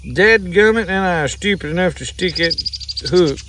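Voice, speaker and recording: Southern guy rambling while he fishes from a kayak, kinda high voice, crickets buzzing faintly behind. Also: expressive, normal speed, noisy background. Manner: folksy, rambling, chuckling. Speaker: fishing vlogger. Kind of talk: casual outdoor talk to camera. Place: kayak on a pond outdoors. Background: insects and crickets.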